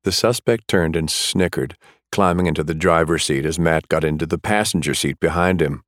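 A man narrating a thriller audiobook in a measured, steady way. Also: a bass voice, dry recording, studio quality.

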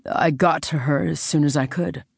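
Woman voicing a tattooed man, gravelly, low, quiet and measured, dry close sound. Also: steady tone, no room sound. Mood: earnest. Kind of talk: audiobook narration.

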